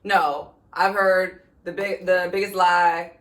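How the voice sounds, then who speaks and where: A woman in her twenties co-hosting a podcast, teasing her partner and firing back quick comebacks. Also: lowish voice, flat delivery, distant mic. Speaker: podcast co-host. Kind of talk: casual chat. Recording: roomy, from away from the mic.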